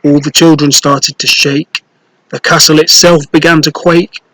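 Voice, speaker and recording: Man reading a children's story slowly. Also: on the high side, level tone, sharp tone, dry recording, rough recording. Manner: slow, clear and playful, with rhymes.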